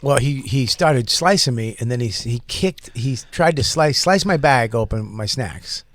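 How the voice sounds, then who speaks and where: A man telling a wild story as a comedy podcast guest, animated, acting out shouted quotes and laughing often. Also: mid-range voice, a little slow, dry recording, studio quality. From Boston.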